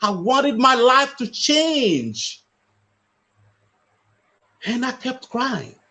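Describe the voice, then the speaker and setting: A man from West Africa tells his own story as a motivational speaker. His voice sits high for a man and swings widely in pitch. He speaks slowly and earnestly, and he repeats his key phrases for weight. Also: very animated, bright, forceful tone. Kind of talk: personal storytelling.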